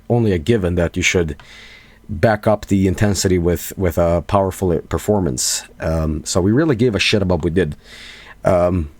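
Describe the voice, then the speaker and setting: A man's voice: deep voice, a little mellow, no room sound. A man, a band's vocalist, chatting in a casual Q&A, rambling earnestly with lots of restarts. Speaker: band vocalist. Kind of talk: casual Q&A chat.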